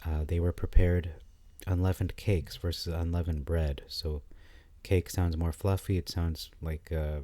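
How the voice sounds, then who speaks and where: A man giving casual commentary on scripture, thinking aloud with frequent pauses, fillers and restarts. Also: deep voice, level tone, warm tone, no echo.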